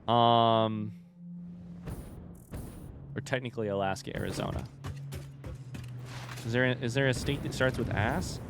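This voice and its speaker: Unhurried and pausing often, a young American man with a mid-range voice talks over music while streaming a game. His casual chat with viewers is rambling and jokey, and he regularly breaks off mid-sentence.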